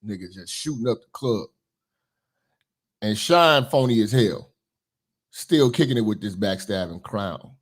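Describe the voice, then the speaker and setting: A man hosting a commentary channel, reacting to a book in slangy, emphatic casual talk that climbs higher as he gets worked up. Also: animated, unhurried, long pauses.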